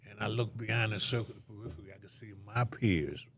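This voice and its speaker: A man's voice: on the low side, quick pace, a little hiss or hum. An older man telling a story as an interview guest, acting out the voices of the people in it.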